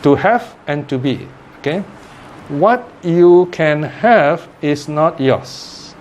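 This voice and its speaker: A man's voice: a little high, animated, slow, a little mellow, a little hiss or hum. A man giving a Buddhist Dharma talk in a conversational teaching manner, often checking in with "okay?" and "right?".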